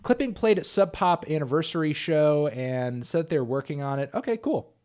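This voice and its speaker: This music reviewer sounds animated, his voice a little high with a darkish tone and a moderate pace. Answering viewer questions on a livestream, he chats loosely, leaning on fillers and dropping in casual swears.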